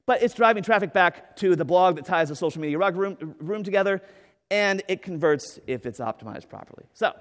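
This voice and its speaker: A man with a fairly high voice delivers an energetic keynote from a conference stage. He jokes, leans on "right?" and tumbles through restarts as he gets excited. The sound carries the long echo of a large hall. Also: brisk. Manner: animated, enthusiastic, jokey with frequent "right?" and fillers. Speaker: conference speaker. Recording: echoey hall with long reverb.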